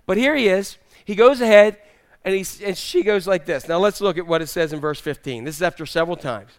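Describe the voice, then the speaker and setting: A man's voice: sits high, fairly quick. A man preaching a sermon in a humorous, conversational way, teasing the congregation. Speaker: pastor.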